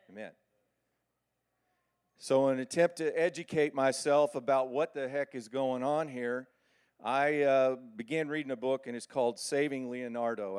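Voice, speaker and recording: A middle-aged man preaching a sermon with animated, folksy storytelling. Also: medium pitch.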